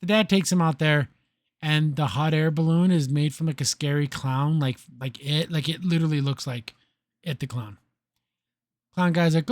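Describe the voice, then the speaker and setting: A man's voice: fairly high pitch, moderate pace, no echo, studio quality. A man hosting a podcast, recapping and criticizing a cartoon episode in a casual, sarcastic, blunt way.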